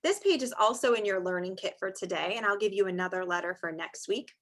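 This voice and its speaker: Fast and expressive at a medium pitch, a woman leads young children through phonics in a small online class. As a preschool teacher, she draws out each sound in a lilting, sing-song way, and the audio comes from a screen-share video call.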